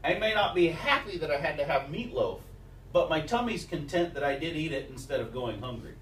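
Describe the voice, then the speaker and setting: High, lively preacher in an echoey church. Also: male voice, brisk, slight background noise. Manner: storytelling preacher, quoting scripture and mothers' sayings. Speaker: pastor. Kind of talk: sermon. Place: church sanctuary. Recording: echoey church recorded from a distance.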